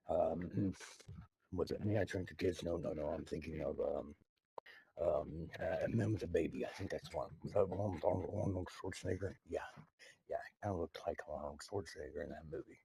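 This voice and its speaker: Deep gravelly man, halting and mock-earnest. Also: mellow, slight background noise, low-quality recording. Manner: halting, full of ums and restarts, mock-earnest. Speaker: video maker addressing the president. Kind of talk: rambling monologue to camera.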